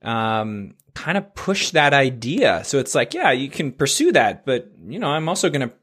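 Brief: male podcast host, mid pitch, casual and encouraging, lots of fillers. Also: very animated, moderate pace, fairly bright tone, slightly rough. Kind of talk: casual interview chat.

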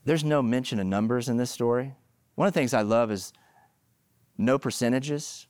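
A middle-aged male pastor preaching a sermon, telling stories with animated, emphatic delivery that climbs to loud peaks. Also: mid-range voice, normal speed, no echo.

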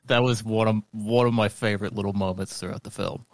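Man, low voice, dry close recording, eager slangy chat. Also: fairly even intonation, a little fast, no echo. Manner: eager, casual, says "dude" and "like". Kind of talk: casual chat.

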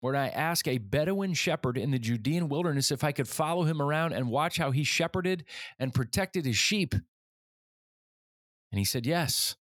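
A man's voice: a little high, normal speed, no room sound. Earnest man telling a story, dry close sound. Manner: earnest, animated when quoting others. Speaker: leadership podcast host. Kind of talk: storytelling monologue.

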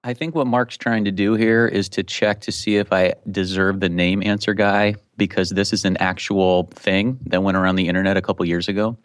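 A man's voice: low voice, level tone, brisk, few pauses, no room sound, studio quality. A man answering listener questions on a podcast in casual, joking banter. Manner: joking, wisecracking.

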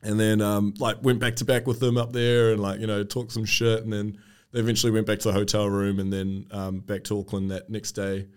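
A man's voice: lowish voice, flat delivery, brisk, smooth. A man with a New Zealand accent, a DJ telling stories in a casual podcast chat, laid-back and swearing freely. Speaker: DJ guest.

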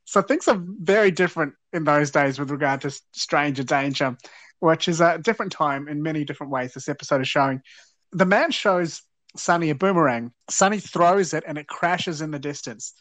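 A man talks through an old episode scene by scene, earnest with wry asides. His voice sits a touch high, and the sound is dry and close. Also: brisk, fairly bright tone, no room sound. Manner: earnest, wry, recounting plot. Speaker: podcast host. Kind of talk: casual episode recap.

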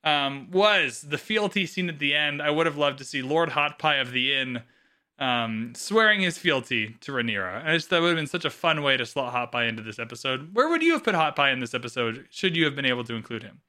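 Guy cohosting a podcast, really bright voice, opinionated and swears a lot. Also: medium pitch, a little fast. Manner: animated, opinionated, swears freely. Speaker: podcast co-host. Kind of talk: casual podcast chat.

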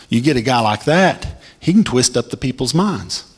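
A man's voice: normal speed, slightly rough. Fervent male preacher, emphatic delivery. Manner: emphatic, pitch swings high when excited. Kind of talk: sermon reading scripture with commentary.

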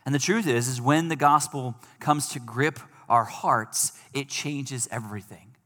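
A man preaching a sermon as pastor, swinging from loud excitement to hushed intensity. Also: medium pitch, measured pace. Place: church sanctuary. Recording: long hall reverb.

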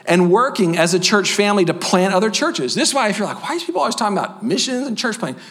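In a church sanctuary, a man delivers a sermon as a pastor in a high-sitting voice, lively and sprinkled with humorous asides, before easing into a slow, quiet closing prayer.

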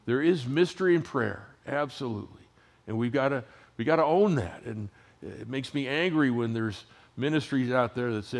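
Older guy pastor preaching, chatty stories, gets real quiet then loud again. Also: medium pitch, lively intonation, normal speed, gravelly. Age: 60s. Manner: conversational storytelling, swings from loud to hushed. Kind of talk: sermon.

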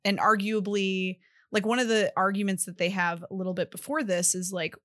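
A woman's voice: medium pitch, level tone, fairly quick, a bit bright, no echo, studio quality. A woman co-hosting a podcast, chatting casually about a movie's characters with lots of fillers. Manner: chatty, heavy use of 'like'. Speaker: podcast co-host.

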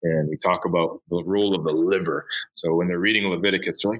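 A middle-aged man, a high school Bible teacher, telling classroom stories with enthusiasm in an interview. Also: fairly even intonation, quick pace, low-quality recording. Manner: enthusiastic storyteller, acts out voices. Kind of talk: conversational interview.

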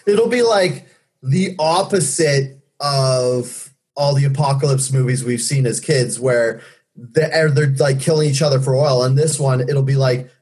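A man's voice: mid-range voice, measured pace, darkish tone, slightly rough. A man co-hosting a casual podcast chat, rambling and sarcastic, swearing freely. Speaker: podcast co-host.

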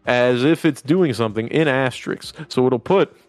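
A man's voice: medium pitch, moderate pace, dry recording. A man co-hosting a podcast, telling crude, joking stories in casual chat. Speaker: podcast co-host. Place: podcast studio.

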